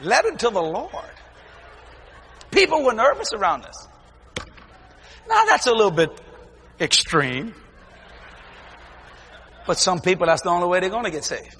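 Male preacher, bright forceful delivery, folksy storytelling with shouted bursts, long hall echo. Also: high-pitched, unhurried, long pauses, slight background noise. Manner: animated storytelling with shouted exclamations; folksy, informal grammar. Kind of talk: testimony sermon.

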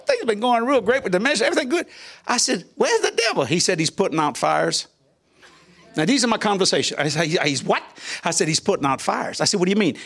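An older man tells his testimony in a high, lively voice that climbs and drops. He talks casually and laughs often, and he acts out the quotes with sudden leaps in pitch. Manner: animated, laughing, colloquial, voices quotes with big pitch jumps. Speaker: guest minister. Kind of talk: testimony storytelling.

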